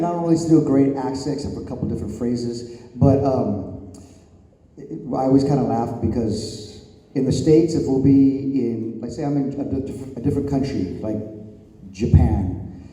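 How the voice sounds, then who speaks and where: A man's voice: medium pitch, normal speed, warm tone. A man answering fan questions on a convention panel, telling rambling anecdotes with laughs. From California. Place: large convention hall. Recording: echoey convention hall.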